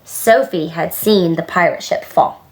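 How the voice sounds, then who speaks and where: A woman, a preschool director, reading a storybook aloud at children's story time, slow and gentle and pausing to ask the little listeners questions. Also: fairly low pitch.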